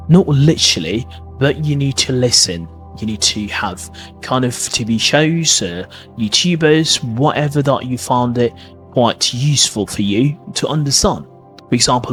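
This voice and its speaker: A man's voice: medium pitch, a bit bright. A man giving a podcast lesson on pronunciation, often restarting and checking in with "okay?". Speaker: pronunciation teacher.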